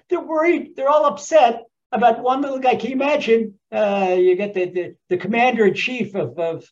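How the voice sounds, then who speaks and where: A man teaching a Torah lesson as an animated storyteller, repeating phrases for emphasis and restarting often. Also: very high voice, normal speed, few pauses. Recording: dull lo-fi recording.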